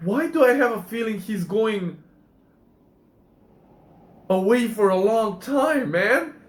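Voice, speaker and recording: A young man recording a casual reaction commentary, excitable and exclaiming, often saying "man". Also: sits high, slow, echoey room. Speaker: YouTube reactor.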